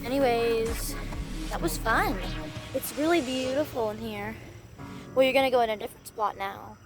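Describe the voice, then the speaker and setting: High-pitched excitable woman playing with toys. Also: normal speed, over music. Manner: excitable, gasping and exclaiming. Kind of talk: playful doll role-play narration.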